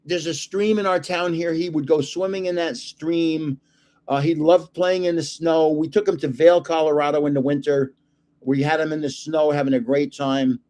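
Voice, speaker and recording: A man's voice: a little high, fairly even intonation, normal speed, darkish tone. Older man telling a rambling story. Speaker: host of a card channel. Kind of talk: casual livestream chat.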